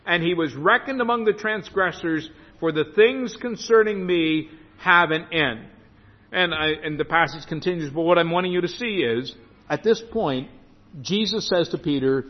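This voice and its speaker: High-pitched preacher guy, stumbles and restarts, muffled recording. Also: moderate pace. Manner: emphatic, with frequent restarts and stumbles. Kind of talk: expository sermon reading and explaining scripture. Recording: reverberant hall, dull lo-fi sound.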